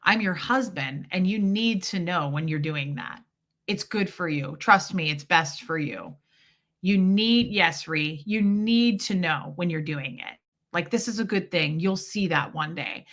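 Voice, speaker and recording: A woman talking to her live viewers in a candid, expressive way and acting out the people in her story. Her voice is bright and forceful and sits a little low. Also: a little slow. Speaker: livestream host. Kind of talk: casual chat with live viewers.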